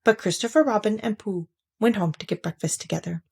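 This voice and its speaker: A woman reading a children's storybook aloud with expressive, animated storytelling. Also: medium pitch, a little fast, creaky, breathy edge.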